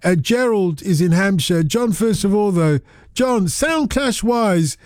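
A man's voice: high-pitched, expressive, measured pace, a little mellow, no room sound. A man hosting a radio phone-in, chatting playfully with callers and rambling through restarts from a studio microphone. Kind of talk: casual radio chat with callers.

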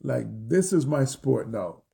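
An older man with a Jamaican accent, an interview guest telling his story vividly, acting out his own shouts and thoughts. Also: mid-range voice, big pitch swings, a little slow, gravelly. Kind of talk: animated personal storytelling.

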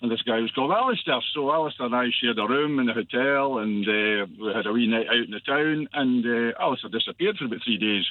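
A man's voice: mid-range voice, no echo. A Scottish man in his sixties calls into a radio show and tells a long story. He talks in a rambling, enthusiastic way with plenty of hesitations. His voice is narrow and tinny, like a phone line, and dry. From Scotland. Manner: rambling, enthusiastic with many "uh" pauses. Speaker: caller.

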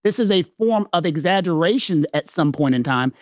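Southern guy with a high voice, animated, chatting legal stuff, dry close sound. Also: moderate pace, no room sound. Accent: Southern American. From American South. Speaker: legal commentator co-host. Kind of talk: casual legal discussion.

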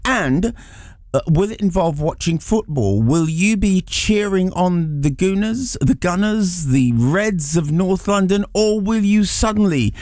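A man's voice: high-pitched, expressive, a little slow, darkish tone, dry recording. A man co-hosting a weekend radio show, chatting in a jokey, teasing way from a studio mic. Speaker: radio co-host. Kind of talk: playful breakfast radio chat.

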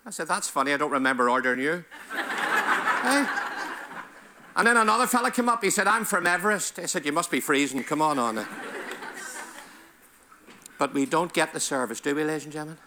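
A comedian on stage, rattling off quick one-liners in a slightly high voice. He slips into little put-on voices for the people in his jokes. The live recording is noisy. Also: expressive. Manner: punchy one-liners, puts on voices for characters. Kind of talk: stand-up comedy.

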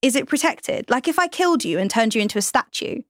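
Woman, podcast co-host, lively swooping pitch, chatty questioning, dry close sound. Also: fast talker, no room sound. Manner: chatty, questioning, laughs often. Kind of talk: podcast discussion.

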